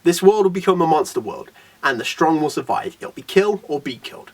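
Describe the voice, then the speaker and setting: A man voicing a calm, persuasive male monster recruiter in a low, quiet, coaxing way. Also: a little fast. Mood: ominous.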